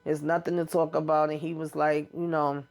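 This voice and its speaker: A woman's voice: low-pitched, little pitch movement, fairly quick, gravelly, a little mellow. A woman hosting a casual TV episode recap, chatty, swearing mildly and talking straight to her viewers. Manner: chatty retelling with frequent mild cursing; addresses viewers directly. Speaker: TV recap host.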